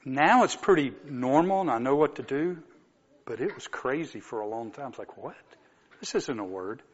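A man preaching a sermon, telling a story and moving from soft asides to emphatic exclamations. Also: medium pitch, lively intonation, moderate pace, dull audio.

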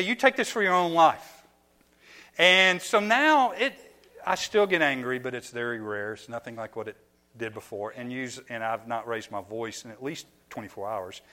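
A middle-aged man giving a sermon as a pastor, telling stories from his own life with lively, self-mocking laughter. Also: sits high. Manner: animated storytelling, laughing at himself.

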